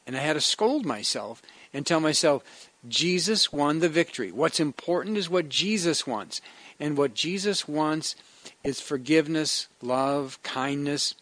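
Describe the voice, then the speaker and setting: A man's voice: a little high, expressive, a little slow, fairly bright tone, no echo. A man giving a conversational devotional sermon as a pastor, earnest in tone and often restarting his phrases.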